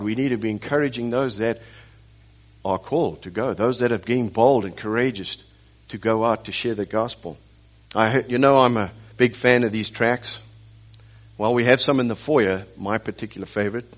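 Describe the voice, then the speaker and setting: A man's voice: lowish voice, lo-fi sound. A man preaching a sermon as pastor, telling stories and pressing the congregation with rhetorical questions and emphatic repetition.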